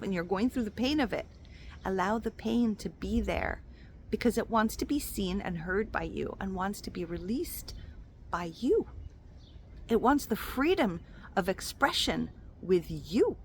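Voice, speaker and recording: A woman speaking as a spiritual coach and intuitive healer, giving a casual motivational talk to her viewers. She is expressive and affectionate, and calls the listener "my love.". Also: mid-range voice, slight background noise. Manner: animated and expressive, acts out quoted voices.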